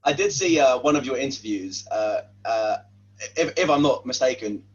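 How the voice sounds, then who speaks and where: A man's voice: medium pitch, lively intonation, moderate pace. A man hosting a casual podcast interview, asking questions hesitantly with many fillers. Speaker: podcast host. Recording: dull lo-fi sound with faint hum.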